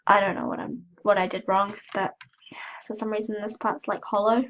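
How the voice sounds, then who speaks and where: A woman's voice: mid-range voice, level tone, moderate pace, a bit bright, muffled recording. A woman with a cold giving chatty, self-mocking commentary as she plays, gasping and squealing when startled. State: has a cold. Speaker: gaming channel host. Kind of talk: casual gameplay commentary.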